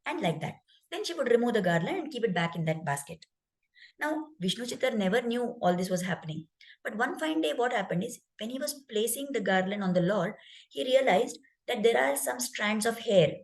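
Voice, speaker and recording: A woman's voice: fairly high pitch, lively intonation, fairly quick, low-quality recording. A woman spiritual teacher narrating a devotional story in an explanatory way, with rhetorical asides to listeners.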